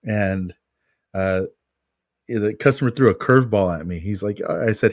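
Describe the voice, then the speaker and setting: A man's voice: fairly low pitch, moderate pace, pauses often, dry recording, clean studio sound. A man co-hosting a podcast, telling a self-mocking story about his work as a pest control technician.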